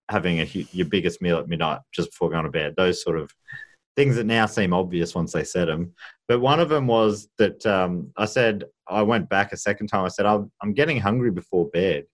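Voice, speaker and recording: A man's voice: low-pitched, fairly quick. Wry, rambling man. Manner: rambling, self-interrupting, wry. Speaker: podcast host. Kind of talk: casual chat.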